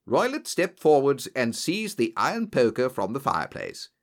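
A man with a medium-pitched voice narrates a storybook as an audiobook, reading expressively and voicing the characters in the dialogue. He speaks at normal speed.

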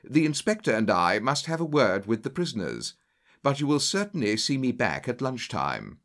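A man's voice: mid-range voice, sing-song, moderate pace, a bit bright. A man voicing a cool, clipped male detective in a storybook reading. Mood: calm.

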